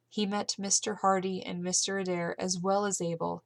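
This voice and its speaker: A woman reading an amateur audiobook aloud, steady but with occasional slips and self-corrections. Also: mid-range voice, moderate pace, gravelly, hardly any pauses. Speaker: audiobook reader.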